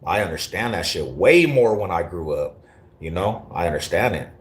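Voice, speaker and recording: A man's voice: low voice, expressive, normal speed. A man from Denver with an East Denver accent, chatting casually on a live stream, slangy and profane. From Denver, Colorado. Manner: slangy, profane, laid-back banter. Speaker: livestreamer reading chat.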